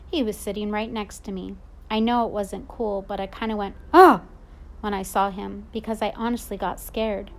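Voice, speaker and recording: A woman's voice: medium pitch, a little hiss or hum. Confiding woman reading a storybook. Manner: confiding, reflective boy's point of view. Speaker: audiobook narrator. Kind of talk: first-person storybook narration.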